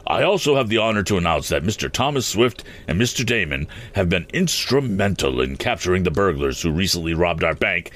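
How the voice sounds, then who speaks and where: A man's voice: low-pitched, big pitch swings, a little fast, few pauses, a bit bright, full character voice. A man voicing a flustered, fussy elderly bank president who stammers and gushes, in a storybook reading. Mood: formal. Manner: stammering, effusive.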